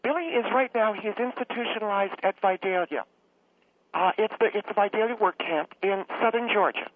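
A man's voice: sits high, normal speed, pitched above the performer's own voice, close to an everyday voice. A man voicing a gushing, rambling woman caller who gets choked up and talks on and on. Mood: chatty rambling. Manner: effusive, rambling, easily choked up. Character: gushing middle-aged woman caller, flustered and chatty. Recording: tinny phone line with faint hiss.

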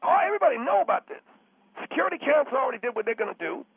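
A man doing a high, gravelly pastor who lectures and stammers his way through a call. His voice leaps wildly up and down and comes over a tinny phone line with faint hiss. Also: very animated, racing, dry recording, exaggerated voice. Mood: lecturing. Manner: lecturing, stammering, mimics with squeals. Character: pushy preachy male pastor caller, middle-aged. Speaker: pastor calling in to a radio show.

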